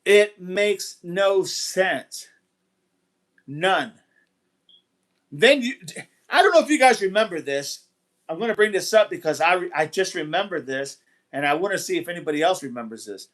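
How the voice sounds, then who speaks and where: A man's voice: high-pitched, animated, normal speed, pauses often, a bit bright. A man hosting a casual livestream who rambles, repeats himself and greets viewers from the chat. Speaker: livestream host. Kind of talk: casual live-stream talk, reading chat.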